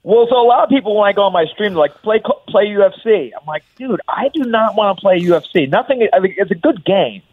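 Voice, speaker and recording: Young man, fighter, rambling casual talk, slightly high voice, dry tinny phone line. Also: animated, fast talker, hardly any pauses, breathy edge. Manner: loose, rambling, frequent "like". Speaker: professional fighter, guest. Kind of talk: casual radio interview.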